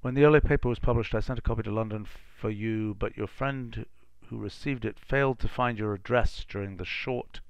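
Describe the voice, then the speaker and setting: A middle-aged man hosting a live stream, musing aloud as he reads old letters haltingly, with asides. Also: on the low side, creaky, dry recording. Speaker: live-stream host reading archival letters. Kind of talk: casual think-aloud reading.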